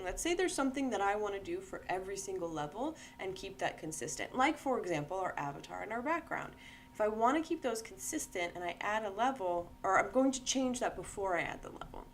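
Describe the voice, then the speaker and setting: A woman's voice: mid-range voice, lively intonation, brisk, a little hiss or hum. Chatty woman walking through a tutorial. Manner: chatty, checks in with "right?", self-correcting. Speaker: founder demonstrating her game-making tool. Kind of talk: casual screen-share tutorial.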